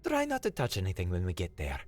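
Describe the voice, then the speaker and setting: A man's voice: deep voice, wildly swooping pitch, fast talker, faint music behind. A man voicing a sarcastic, no-nonsense young woman with a dry, snappy delivery.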